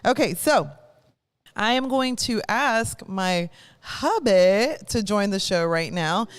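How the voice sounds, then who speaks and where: A woman's voice: medium pitch, animated, slow, smooth. A woman hosting a live radio show, chatting casually in a rambling, self-correcting way. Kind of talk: casual chat. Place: live broadcast studio.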